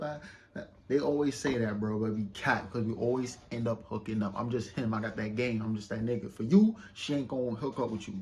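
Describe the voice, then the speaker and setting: A young man telling a casual storytime to his viewers in a loose, slangy, boastful way. He keeps checking in with the listener and gets loud and excited when he retells an argument. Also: mid-range voice, a little fast. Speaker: vlogger.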